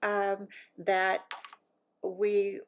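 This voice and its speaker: A woman's voice: medium pitch, extremely slow. A woman vlogger telling a rambling, chatty story to camera. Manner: rambling and chatty, lively when excited.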